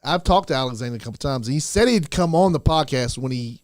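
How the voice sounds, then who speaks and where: A man's voice: mid-range voice, animated, a little fast, no echo, studio quality. A man co-hosting a casual podcast, easygoing and hesitant, with plenty of fillers. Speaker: podcast co-host.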